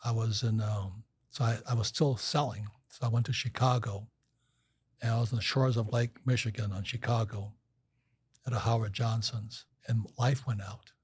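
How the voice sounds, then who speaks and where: A man's voice: on the low side, fairly even intonation, normal speed, husky, dry recording. An older man telling rambling stories in a casual interview, acting out quotes with frequent restarts. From Hawaii. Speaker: guest.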